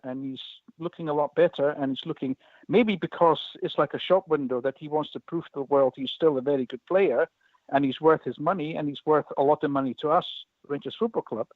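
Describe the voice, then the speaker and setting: A man with a Scottish Highland accent calling in to a radio show, talking hesitantly with many fillers and restarts. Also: no echo. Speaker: caller. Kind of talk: casual phone-in chat. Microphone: phone line. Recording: tinny dry phone line.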